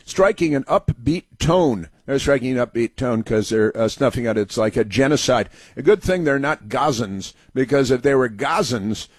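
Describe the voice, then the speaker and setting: A man hosting a talk show, delivering a sarcastic political commentary monologue, halting often with fillers and restarts. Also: medium pitch, a little mellow, no echo.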